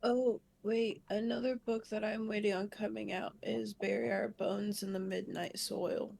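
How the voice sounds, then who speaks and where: A woman's voice: mid-range voice, little pitch movement, measured pace, creaky, darkish tone. A woman in a casual book chat, eagerly bringing up books she's waiting for.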